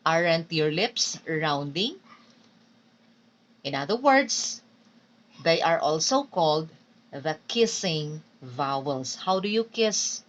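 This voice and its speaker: A woman from the Philippines, speaking with a Filipino accent, gives a patient classroom lecture on English pronunciation, drilling and repeating words. Her voice is deep and expressive, slow, with long pauses. The mic is distant and the audio is poor.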